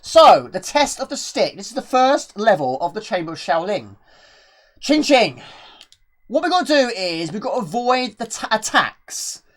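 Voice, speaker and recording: A woman's voice: mid-range voice, sing-song, moderate pace. A woman streaming retro games live, chatting with viewers and reading game text aloud.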